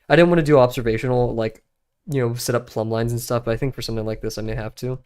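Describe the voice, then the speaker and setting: A young man streams himself practicing drawing, talking rapid-fire in a smooth, medium-pitched voice. He's relaxed and rambling, chatting both to himself and to his chat with plenty of fillers.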